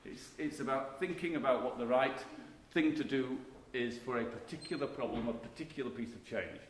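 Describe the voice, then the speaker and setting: A man's voice: medium pitch, fairly quick. A middle-aged man giving a conference keynote lecture, talking in a conversational, emphatic way with frequent restarts. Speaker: keynote speaker, marketing professor. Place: conference hall. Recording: echoey hall recording with faint background noise.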